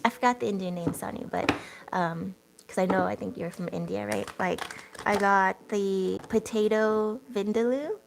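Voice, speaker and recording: A young woman does a tarot reading on a casual livestream, chatting as she reads the cards and responds to the chat, full of filler words and laughter. Her voice is medium-pitched and creaky, at a moderate pace, with background noise.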